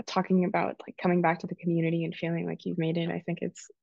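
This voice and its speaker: A woman interviews a guest in a soft, hesitant way with plenty of fillers. Her voice is slightly low with a gravelly fry. The recording sounds dry and dull. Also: completely flat delivery, fast talker, no room sound. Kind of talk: casual interview.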